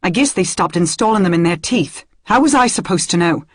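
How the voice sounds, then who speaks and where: A sharp-tongued middle-aged mother who snaps back defensively, as a woman narrating voices her. She has a husky, breathy tone and speaks up with tension. The recording is dry and close. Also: mid-range voice, animated, normal speed, dry recording, pitched above the performer's own voice. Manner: snappish, defensive.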